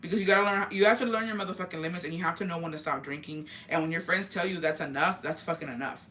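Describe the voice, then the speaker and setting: Woman vlogger, crisp bright tone, profane and heated casual storytelling. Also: fairly low pitch, a little hiss or hum. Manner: profane, heated, rapid retelling.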